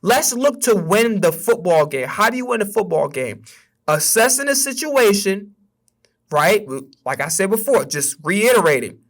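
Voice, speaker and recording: A young streamer who also hosts a sports podcast delivers a heated, profanity-laced rant in a casual way during his livestream. He speaks at a moderate pace in a high, sing-song voice.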